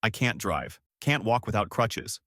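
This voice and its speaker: Guy in his 30s reading a reddit-style story, low voice, swings up and down a lot, sarcastic, dry close sound. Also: expressive, measured pace, fairly bright tone, dry recording. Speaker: story narrator. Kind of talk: scripted first-person story narration.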